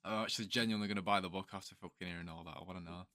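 A man's voice: sits low, steady tone, racing, bright, forceful tone, no echo, clean studio sound. A man hosting a casual podcast, crude and jokey, swearing often. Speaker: podcast host.

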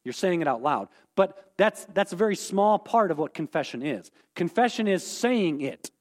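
A man's voice: high voice, lively intonation, moderate pace. A man teaching a Bible lesson, explaining terms and repeating key points, often checking in with "okay?".

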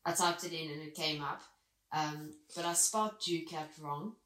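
Woman, from South Africa, lowish voice, giggly casual chat, echoey room. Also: normal speed. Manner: giggly, animated, slips into high exaggerated voices when quoting herself. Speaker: podcast co-host, veterinary surgeon. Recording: roomy echo.

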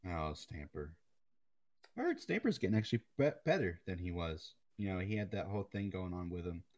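A man's voice: deep voice, very animated, fairly quick, darkish tone, no echo, studio quality. A young man co-hosting a podcast in laid-back casual chat, swearing casually and laughing often. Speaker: podcast co-host.

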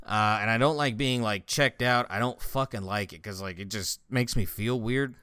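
A man's voice: fairly low pitch, moderate pace, clean tone, no echo, studio quality. A man telling stories in a casual, profane chat with a friend, often laughing. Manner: profane, laughing, animated storytelling. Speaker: friend chatting.

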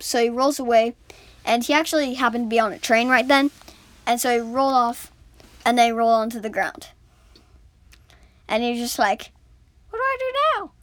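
Woman telling a made-up story, fairly high voice, rambling, lots of fillers. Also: no echo. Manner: rambling, many fillers and restarts. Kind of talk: improvised storytelling.

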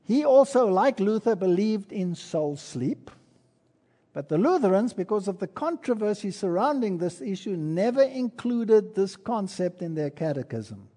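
A man's voice: high-pitched, big pitch swings, unhurried, mellow, in a large hall. A man giving an earnest, emphatic sermon-style history lecture, telling the story and adding asides from his own life. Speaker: preacher.

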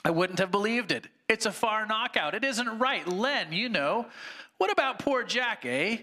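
An aggrieved, blustering male ghost who keeps insisting on his own rights in coarse, broken grammar, as a man reading in a sermon puts him on. The voice sits high and comes across bright and forceful. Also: animated, measured pace, heavily acted. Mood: indignant.

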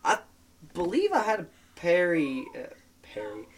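A young man teases his co-host on a relaxed podcast, piling on silly exaggerations. His voice sits slightly high. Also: a little slow, crowd noise. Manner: teasing, exaggerating jokes with laughter. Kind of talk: casual chat.

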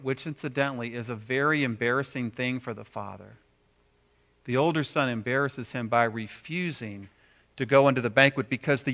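A man preaching a sermon, animated, acting out quoted voices with big swings between loud and quiet. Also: medium pitch. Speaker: pastor.

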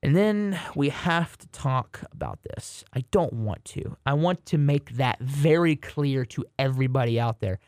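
A young man co-hosting a casual sports podcast, joking and rambling with quick restarts. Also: medium pitch, animated, a little mellow, no echo, studio quality. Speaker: podcast co-host.

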